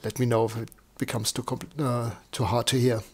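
A man with a croaky, slightly hoarse voice, walking through a software demo live and thinking aloud with lots of fillers. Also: mid-range voice, level tone, normal speed. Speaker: software tutorial presenter. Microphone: desktop microphone.

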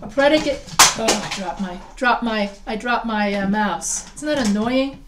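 A woman with a fairly high voice teaches a writing class, chatty and quick to quiz her students. She often breaks off and restarts her sentences. She sounds far from the mic in an echoey room. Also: noisy background. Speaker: writing instructor. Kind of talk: live class lesson.

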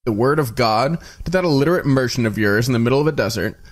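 A man's voice: medium pitch, fast talker, close to an everyday voice. A man voicing a scornful, blunt Hindu pandit who dismisses rivals in an audiobook reading.

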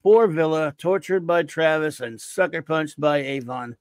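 An excitable man hosting a podcast, rambling through listener reviews and breaking into jokes and the odd shout. His voice sits a little high for a man. The sound is dry, with no room echo. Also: unhurried. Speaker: podcast host. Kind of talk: casual chat reading listener reviews.

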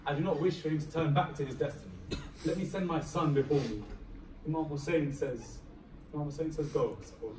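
A man's voice: on the high side, fairly quick, warm tone, a little hiss or hum. A male preacher delivering a Muharram sermon, telling a story dramatically and voicing the figures in it with mounting emotion. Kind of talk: Muharram majlis sermon narration. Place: mosque hall. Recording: echoey hall, voice picked up from a distance.

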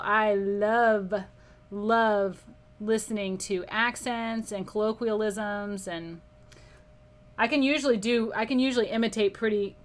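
An art instructor teaches a live painting class, chatting casually, reading viewer comments aloud and laughing often. Her mid-range voice is a bit bright.

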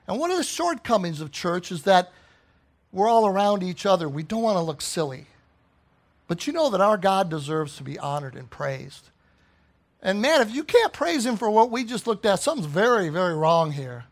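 A man delivers a sermon as pastor in a church, his voice pitched high for a man. He preaches with fervent emphasis and presses his points with a string of rhetorical questions. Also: animated, moderate pace. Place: church sanctuary.

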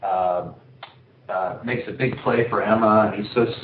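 A man's voice: fairly low pitch, fairly even intonation, normal speed. A man hosting an interview, asking questions in a joking, hesitant way with many fillers. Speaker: interview host. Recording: tinny phone line in an echoey room with faint noise.

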